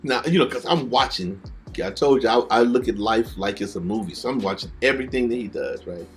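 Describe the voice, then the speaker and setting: Animated middle-aged male storyteller. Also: mid-range voice, fairly quick, soft background music. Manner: animated, acts out quoted voices. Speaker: backup vocalist and host. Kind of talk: casual storytelling.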